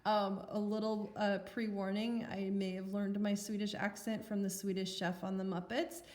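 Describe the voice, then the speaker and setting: A woman math teacher talks through a recorded lesson in a chatty, self-mocking way. Her voice sits at a middling pitch. It carries a roomy echo. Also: little pitch movement, moderate pace, darkish tone. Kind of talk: recorded lecture.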